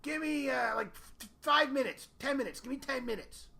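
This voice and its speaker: A man putting on the loud, high, strained shouting voice of a man who lives upstairs. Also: moderate pace, creaky, exaggerated voice.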